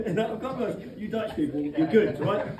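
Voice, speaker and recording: An Englishman with a high-pitched, lively voice does a rowdy, cheeky stand-up set at a moderate pace, teasing the crowd as they laugh. He's heard from far off in an echoey club with crowd noise.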